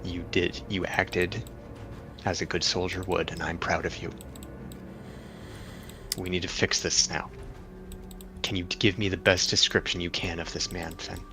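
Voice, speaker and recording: A man voicing a caring adventurer who speaks softly and reassuringly. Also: little pitch movement, measured pace, gravelly, long pauses, over music. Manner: soft, low, reassuring. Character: steady, caring adventurer comforting a friend.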